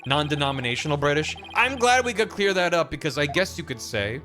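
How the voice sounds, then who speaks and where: A man streaming a game, making quick jokes and asides about what happens on screen. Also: on the high side, sing-song, sharp tone, faint music behind. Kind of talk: casual game commentary.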